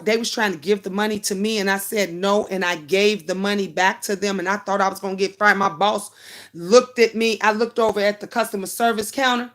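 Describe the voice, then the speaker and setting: A woman's voice: mid-range voice, a bit bright. A middle-aged woman hosting a livestream, telling a personal story to her viewers in a chatty, emotional way and calling them honey. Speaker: YouTube livestream host.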